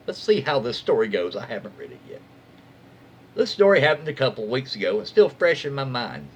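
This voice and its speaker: A man's voice: mid-range voice, big pitch swings, brisk, slight background noise. A man reading online stories aloud in a casual way, stopping for chatty asides and reactions. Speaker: reddit story reader.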